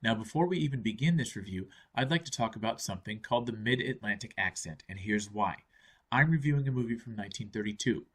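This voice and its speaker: A man's voice: lowish voice, lively intonation, fast talker, fairly bright tone, husky. A man narrating a scripted film review in an earnest, explanatory way.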